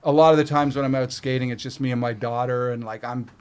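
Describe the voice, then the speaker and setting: A man's voice: medium pitch, fast, clean tone. A middle-aged man from Canada, a guest telling a casual story with lots of swearing and acted-out quotes. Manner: profane, animated retelling with acted quotes.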